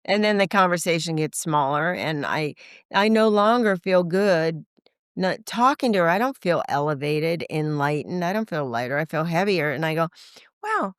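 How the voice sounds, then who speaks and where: A woman's voice: low-pitched, moderate pace, clean tone, no room sound, studio quality. A woman in her sixties, a podcast guest, telling stories casually and acting out the dialogue in different voices. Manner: animated, acts out quoted dialogue in voices; frequent filler "like". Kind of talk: casual conversational storytelling.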